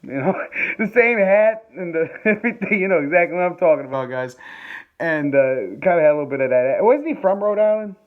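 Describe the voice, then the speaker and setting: A man's voice: high-pitched, animated, brisk. A man vlogging from home during a power outage, telling a rambling story into his phone, chuckling and swearing as he goes. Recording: tinny phone-like sound.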